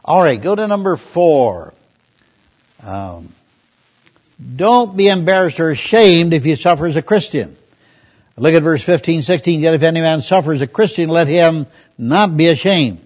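Older pastor, folksy sermon, dull recording. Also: male voice, on the high side, animated, normal speed. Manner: folksy storytelling, reads scripture aloud. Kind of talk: conversational sermon with Bible reading.

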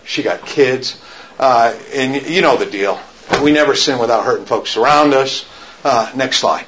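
A middle-aged man telling stories to an audience, laughing often and shouting when he acts out quotes. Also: medium pitch, moderate pace, noisy background. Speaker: speaker giving a faith talk. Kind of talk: storytelling talk to an audience. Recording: roomy, dull lo-fi sound.

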